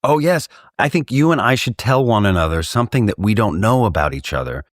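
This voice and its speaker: A man from Texas co-hosting a podcast, telling rambling, animated stories in casual chat. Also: lowish voice, brisk, dry recording, studio quality. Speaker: podcast co-host.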